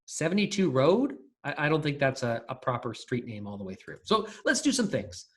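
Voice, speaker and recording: In this recorded coding lecture, the instructor talks a little fast in a medium-pitched, sing-song voice, casually working through ideas aloud with fillers and false starts.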